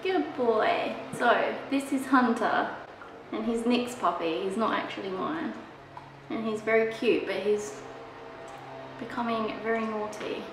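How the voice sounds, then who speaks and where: A woman's voice: on the high side, a little slow, pauses often. A young woman vlogging casually at home, candid and chatty, fond but exasperated while looking after a puppy. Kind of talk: casual chat to camera. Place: room in her house. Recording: very echoey room, audible background noise.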